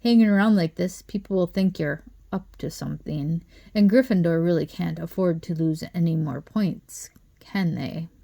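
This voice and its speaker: Sneering male schoolmaster, silky and threatening, gravelly grain, read by a woman. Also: on the low side, moderate pace, warm tone. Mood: mocking. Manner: smooth, silky, menacing. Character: cold sneering male teacher.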